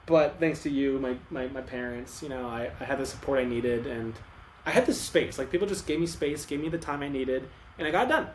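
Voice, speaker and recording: A man's voice: medium pitch, brisk. A young man co-hosting a podcast, telling his story in casual talk with many restarts and emotional moments. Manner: rambling, restarts often, emotional retelling. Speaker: podcast co-host. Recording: echoey room, faint ambient noise.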